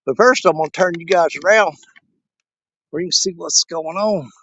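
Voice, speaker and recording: A man's voice: high-pitched, normal speed, fairly bright tone, husky. A man, chatting folksily to viewers while fishing outdoors on a windy riverbank, out of breath from walking. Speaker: fishing vlogger. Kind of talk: casual outdoor vlog. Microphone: camera mic. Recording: dull lo-fi camera audio.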